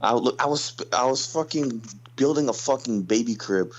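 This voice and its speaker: A man's voice: medium pitch, brisk. A man calling in to a talk show, joking and swearing casually. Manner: joking, profane. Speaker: caller. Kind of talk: casual call-in chat. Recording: muffled call line.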